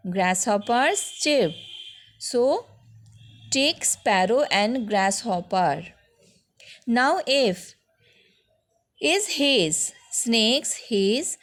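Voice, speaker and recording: A woman's voice: on the high side, animated, very slow, long pauses, a bit bright. A woman school teacher with an Indian English accent, going through a lesson for young children patiently and step by step, often checking with "okay?".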